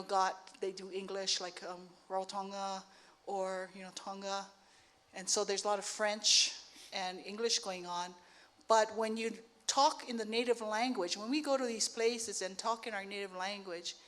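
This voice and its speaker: Middle-aged woman from Hawaii, panel speaker, relaxed, with lots of ums and you-knows. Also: medium pitch. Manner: relaxed, thinking aloud with many fillers. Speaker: artist and professor, panel speaker. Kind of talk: panel conversation.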